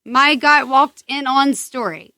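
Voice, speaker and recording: A woman's voice: high voice, slow pace, pushed and bright, no room sound. A young Southern American woman on a casual podcast, giggling as she reads a listener's email aloud. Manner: giggly, laughs through her reading. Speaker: podcast guest.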